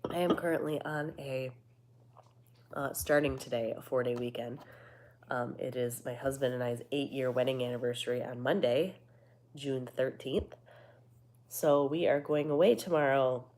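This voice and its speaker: A woman with a low, nasal voice that is starting to go hoarse. She chats casually with her viewers, full of fillers and casual swearing. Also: fairly even intonation, normal speed, darkish tone, slight background noise. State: losing her voice. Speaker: vlogger. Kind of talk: casual chat to a live audience.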